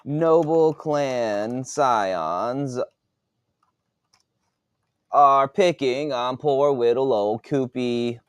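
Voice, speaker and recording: A man's voice: mid-range voice, very slow, long pauses, clear, resonant tone, dry recording, pitched above the performer's own voice. A man voicing a sneering young noble bully who taunts with venom and mockery. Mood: mocking.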